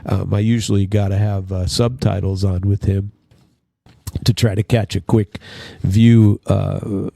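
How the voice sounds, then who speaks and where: A man's voice: fairly low pitch, measured pace, vocal fry, a little mellow, no echo, clean studio sound. A man hosting his own radio show, rambling through news commentary with many fillers and restarts. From Minnesota. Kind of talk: casual news commentary monologue.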